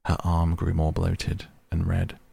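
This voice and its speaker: A man reading a novel aloud as narrator, giving each character's lines in a mostly even voice. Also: low-pitched, a little slow, vocal fry, slightly rough, no room sound, studio quality. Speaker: audiobook narrator. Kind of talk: scripted narration.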